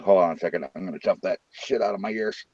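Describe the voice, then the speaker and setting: A man's voice: deep voice, quick pace, a little mellow, no room sound, muffled recording. A man hosting a live stream, trading rowdy, crude jokes with his chat in a loose, casual way. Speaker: livestream host.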